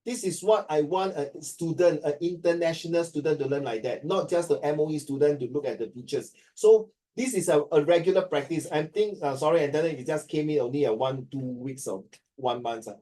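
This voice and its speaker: Singaporean man teaching, mellow and distant. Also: fairly high pitch, fairly quick, hardly any pauses. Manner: joking, mixing English and Chinese. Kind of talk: classroom teaching.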